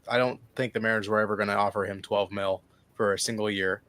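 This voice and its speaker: A man co-hosting a podcast in casual chat, animated at times and acting out what others might say. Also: lowish voice, fast talker. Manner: animated, laughs, acts out quotes. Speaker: podcast co-host.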